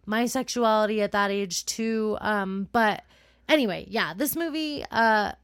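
A young woman co-hosting a podcast, chatting casually with many fillers and quick laughs. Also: medium pitch, smooth, no room sound, clean studio sound. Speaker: podcast co-host. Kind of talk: casual chat.

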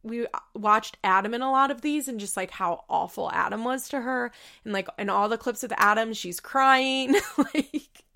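A young woman hosting a podcast, recapping a reality show in rambling casual chat, emotional and quick to laugh. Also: fairly high pitch, creaky, bright, forceful tone. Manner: chatty, rambling, full of "like" and self-corrections.

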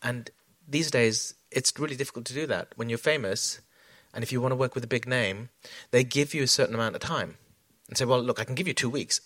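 A man's voice: mid-range voice, fairly quick, few pauses, fairly bright tone, no echo. A man talking as a choreographer in an onstage conversation, reflective, with many fillers and restarts. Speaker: choreographer guest.

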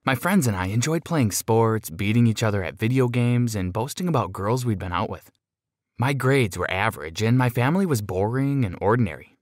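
Dramatic first-person narration, lively intonation, dry close sound, male narrator. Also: lowish voice, a little fast, no room sound.

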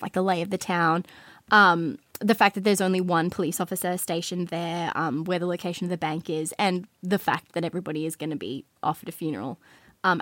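A woman's voice: lowish voice, dry recording. Woman, podcast host, casual storytelling, jokey, very dry close sound. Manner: animated, jokey, acts out quotes.

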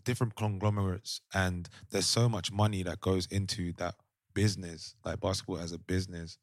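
A man's voice: deep voice, flat delivery, a little fast, dry recording, studio quality. A man co-hosting a podcast in casual group discussion, thinking aloud and often restarting his sentences. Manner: thoughtful, trails off and restarts mid-thought. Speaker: podcast co-host.

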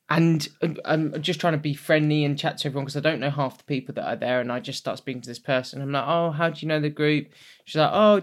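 A young man with a slightly higher voice, spinning a long story over casual podcast chat. He laughs easily and keeps the tale rolling with plenty of asides. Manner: chatty anecdotal storytelling, laughs often. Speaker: podcast co-host.

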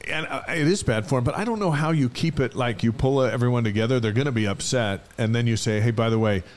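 A man co-hosting a casual sports chat in a relaxed way, reading out the day's notes and riffing with his partner. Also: medium pitch, fast talker. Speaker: co-host.

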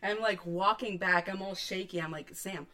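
A woman in her thirties telling a wild story on a podcast, swearing freely, laughing often and shouting out the lines she quotes. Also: medium pitch, steady tone, fairly quick. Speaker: podcast co-host. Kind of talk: animated storytelling.

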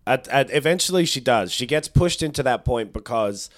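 A man co-hosts a podcast in a casual chat, swearing freely and acting out what people say. His medium-pitched voice is expressive and moderately paced, with studio-quality sound and no room echo.

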